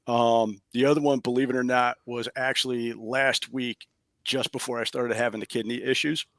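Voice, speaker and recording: A man, a paranormal investigator, telling a story in animated, casual fashion from his home office over a video call, chuckling as he goes. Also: medium pitch, no echo.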